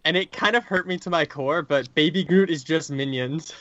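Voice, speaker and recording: A man's voice: on the high side, moderate pace, fairly bright tone, no room sound, lo-fi sound. A man on a podcast panel, teasing and laughing easily. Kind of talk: casual chat.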